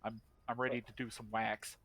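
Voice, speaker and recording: A man's voice: on the low side, flat delivery, a little fast, fairly bright tone, no echo. Man describing his character's moves. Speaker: player. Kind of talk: casual tabletop play.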